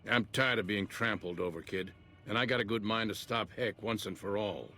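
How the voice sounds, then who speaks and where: An actor playing a gruff, vengeful old male rancher in a game, with a folksy, blunt drawl. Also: fairly low pitch, normal speed, bright, forceful tone. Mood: bitter. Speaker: game character.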